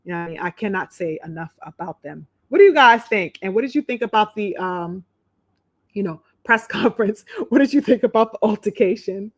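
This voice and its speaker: A woman hosting a casual livestream on boxing, talking with her viewers in an animated, emphatic, profane way. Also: medium pitch, brisk. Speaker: boxing talk show host.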